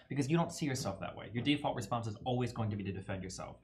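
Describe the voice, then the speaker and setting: A man guesting on a podcast, explaining and arguing a point quickly and confidently. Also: medium pitch, lively intonation, slight background noise. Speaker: guest commentator. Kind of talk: casual podcast discussion.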